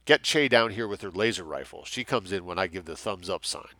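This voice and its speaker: A man's voice: sits low, animated, brisk, sharp tone, no room sound. A man voicing a terse mercenary leader. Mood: commanding. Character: hardened American mercenary leader, middle-aged man.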